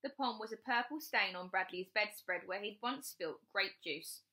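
A woman teacher reading a children's chapter book aloud with expressive storytelling. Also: medium pitch, normal speed.

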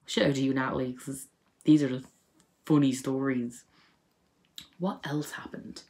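With a rumbling low, warm voice and a steady, unhurried delivery, a young woman vlogs casually to camera. She tells amusing stories from childhood, laughing and using many fillers.

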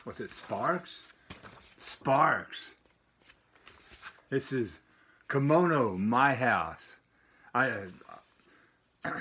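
An older man casually showing off a package of vinyl records, rambling with lots of filler pauses. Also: mid-range voice, a bit bright, husky. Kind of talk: casual unboxing vlog. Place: home with dogs barking nearby.

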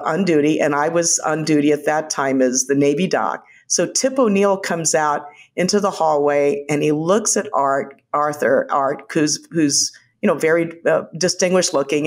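An older woman, a former White House physician, telling lively stories as an interview guest and laughing often. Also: deep voice. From United States. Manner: animated anecdotes, quick quoted voices, laughs often. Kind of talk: conversational storytelling.

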